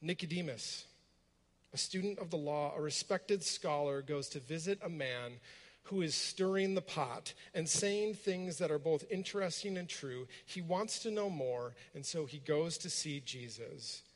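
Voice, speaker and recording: A man with a somewhat high voice delivers a sermon, walking his listeners through the story and pausing on rhetorical questions. His voice rings out with a long reverb, as in a large hall. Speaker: preacher. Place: room with a gathered congregation.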